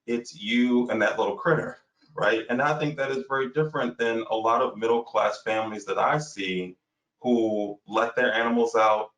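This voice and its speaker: A man's voice: medium pitch, steady tone, normal speed, fairly bright tone. A man speaking earnestly as a guest on a discussion panel, searching for words with many restarts and fillers. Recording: roomy, distant from the mic.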